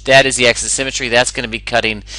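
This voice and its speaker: Upbeat man teaching math, very bright. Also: mid-range voice, level tone, very fast, no echo, soft background music, poor audio. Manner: upbeat, explains step by step with questions. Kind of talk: recorded math lesson.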